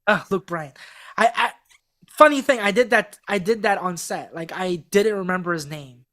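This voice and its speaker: A woman's voice: medium pitch, moderate pace. A woman being interviewed as a singing contestant, telling her story in a casual, rambling way full of fillers and restarts. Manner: acts out quoted people in a mock-excited voice. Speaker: singing contestant guest on a podcast.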